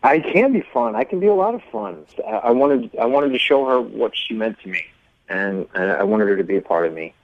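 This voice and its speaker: A man's voice: medium pitch, lively intonation, fairly quick, no echo. Earnest man on a muffled phone line. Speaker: caller. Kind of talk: casual phone call on radio.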